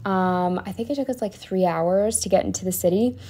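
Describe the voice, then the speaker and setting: A woman's voice: medium pitch, fairly quick, mellow. A young woman chatting through her week in a casual voice-over, rambling with lots of ums and likes. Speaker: planner vlogger. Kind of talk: casual voice-over narration of a planner spread.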